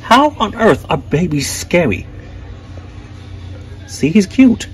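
A man's voice: sits high, takes it slowly, low-quality recording. A man voicing all the characters in a playful plush toy comedy skit. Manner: lively, playful, switches between voices.

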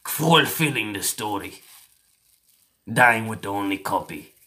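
A man co-hosting a comedy video, bantering crudely and breaking into loud mock rants. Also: on the low side, lively intonation, a little slow. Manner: loud, profane, mock-ranting. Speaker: comedy vlog co-host.

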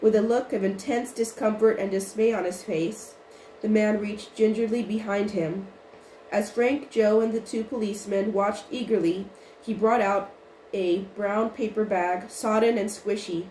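A woman narrating a storybook chapter in an even, unhurried reading voice with small restarts. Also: medium pitch. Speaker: audiobook reader. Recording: roomy with faint noise.

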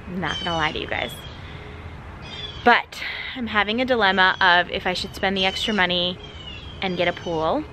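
A woman vlogging through her day, talking casually to the camera and now and then to her dog in a high sing-song voice. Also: noisy background. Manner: chatty, talks to her dog in a high baby voice. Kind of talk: casual vlog chat. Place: car, street and home porch, some outdoors.

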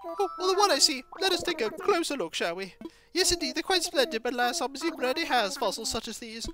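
A woman's voice: sits high, expressive, quick pace, over music, pitched above the performer's own voice. A woman doing a prim, fussy owl curator. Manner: prim, formal, genteel. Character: fussy polite male owl museum curator.

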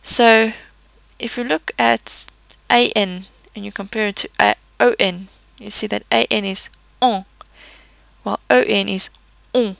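A woman teaching a French pronunciation lesson in a patient, methodical way, slowing down to model each word. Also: medium pitch, steady tone, vocal fry, a bit bright, dry recording. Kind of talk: explanatory language lesson.

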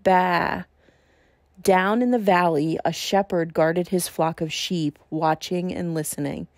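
Slow, gentle woman storyteller. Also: on the low side, no echo, clean studio sound. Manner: gentle, measured storybook reading. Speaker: children's church storyteller. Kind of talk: reading a Bible storybook aloud.

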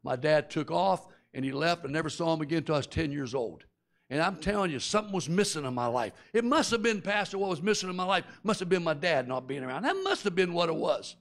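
A man's voice: a little high, expressive, fast. A middle-aged man preaching a sermon, telling a personal story and acting out the voices and screams of the people in it. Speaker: guest preacher.

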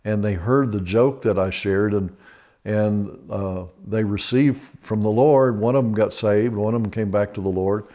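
A man's voice: on the low side, measured pace, warm tone. A male pastor giving a TV sermon in an easygoing, folksy, conversational way. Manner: conversational, with frequent restarts. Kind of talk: TV sermon teaching.

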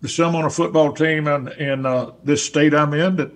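A man's voice: a little high, steady tone, normal speed. A man with a Southern US accent, a guest in an interview, telling stories in a rambling way and restarting his words often. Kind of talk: casual storytelling conversation.

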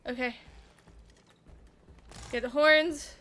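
A woman commentating her gameplay casually, excitable and quick to yelp and swear when she panics. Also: high-pitched. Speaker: gamer streamer.

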